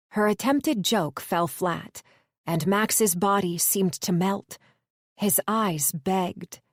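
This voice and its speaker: A woman reading audiobook narration in a measured, even way. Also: mid-range voice, no echo, studio quality.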